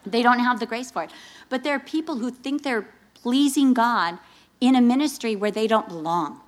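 Middle-aged woman preaching, tells stories, gets lively and acts out the lines. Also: moderate pace. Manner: animated storytelling, acting out dialogue with rising pitch. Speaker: speaker at a women's Christian gathering. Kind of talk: sermon with personal story.

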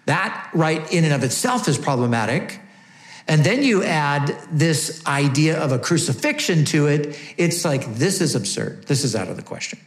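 A man preaching a sermon, emphatic and asking rhetorical questions, slowing down on key words. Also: on the high side, sing-song, echoey room. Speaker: pastor.

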